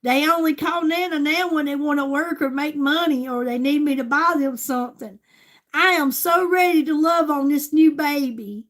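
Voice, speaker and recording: A woman's voice: high voice, moderate pace, a bit bright. An older woman, a grandmother chatting casually with her livestream viewers in a gushing way. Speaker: livestream host.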